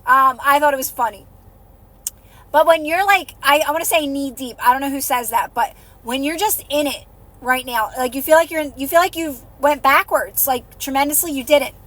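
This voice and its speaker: A woman's voice: high-pitched, moderate pace. A woman hosting a live stream, giving soothing, repetitive encouragement in a casual coaching talk. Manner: soothing, repetitive, encouraging, drops softer when guiding calm. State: out of breath. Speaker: livestream host and manifestation coach.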